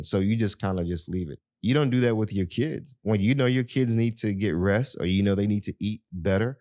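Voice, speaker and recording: A man's voice: fairly low pitch, a little fast, few pauses, mellow, no echo, studio quality. A man hosting a podcast, giving casual advice in a conversational way and speaking straight to his listeners, with lots of "you know" fillers. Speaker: podcast host.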